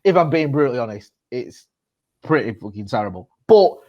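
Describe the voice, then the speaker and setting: A man's voice: medium pitch, a little fast, muffled recording. Sweary man chatting on a podcast. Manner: sweary, rambling, animated storytelling. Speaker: podcast co-host. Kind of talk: casual chat.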